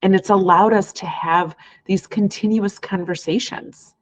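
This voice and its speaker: A woman's voice: mid-range voice, steady tone, measured pace, highs cut off. A woman hosting a podcast as a life coach, talking earnestly and from the heart in long, flowing sentences. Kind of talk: reflective podcast monologue.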